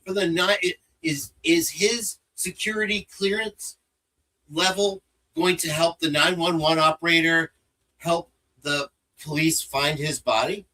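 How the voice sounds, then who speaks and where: A man co-hosting a casual chat show, joking and animated. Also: fairly high pitch, a little slow, rough recording. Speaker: co-host.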